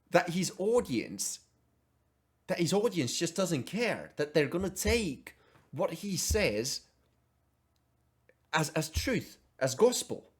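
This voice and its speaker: A young man reacting to a video with incredulous, profane, animated commentary. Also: high-pitched, slightly rough.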